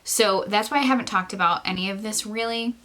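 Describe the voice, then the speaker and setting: A woman's voice: medium pitch, brisk. A young woman vlogging, talking candidly and casually to her viewers with frequent fillers and light laughs. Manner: candid, chatty, many fillers and soft laughs. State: pregnant. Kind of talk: casual chat to camera.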